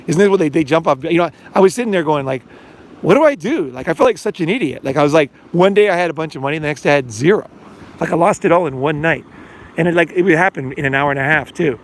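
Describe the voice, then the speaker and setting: A man's voice: a little high, fast talker. A middle-aged man hosting a podcast, talking in a rambling casual monologue full of fillers and acted-out quotes. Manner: rambling, filler-heavy, acts out quoted dialogue. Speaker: podcast host and life coach.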